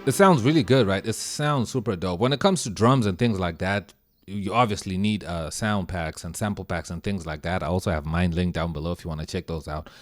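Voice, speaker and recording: A man's voice: low-pitched, brisk, no echo, studio quality. A man giving a casual, slang-filled lesson on music production, easygoing as he walks through sounds. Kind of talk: casual screen-share tutorial. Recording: music playing under the voice.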